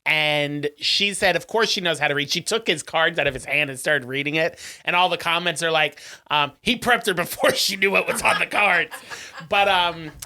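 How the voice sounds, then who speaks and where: A man's voice: fairly high pitch, moderate pace, bright, forceful tone. A man co-hosting a podcast in casual chat, adding wry, teasing asides. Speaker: podcast co-host.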